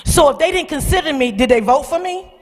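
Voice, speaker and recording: A middle-aged woman, husky-voiced, telling a personal testimony to young people in a church, animated and calling out to her listeners. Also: sits high, fairly quick. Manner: animated storytelling, calls out to the audience. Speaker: speaker at a church youth service. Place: church sanctuary. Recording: long hall reverb.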